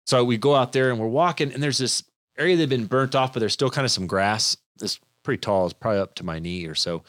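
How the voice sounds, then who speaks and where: A man's voice: mid-range voice, quick pace, dry recording, clean studio sound. A young man in casual chat, telling stories with animation and acting out the people in them. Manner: animated storyteller, acts out quoted people.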